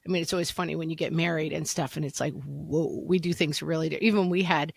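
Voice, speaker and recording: A woman in her forties co-hosting a podcast in casual chat, telling animated stories and acting out loud quoted voices. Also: low-pitched, fast, vocal fry. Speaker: podcast co-host.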